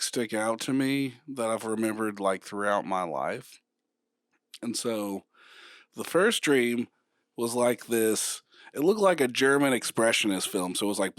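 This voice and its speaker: Slow, playful man on a dry mic. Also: mid-range voice, no echo. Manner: playful and giggly, relaxed storytelling. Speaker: podcast co-host. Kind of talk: casual chat.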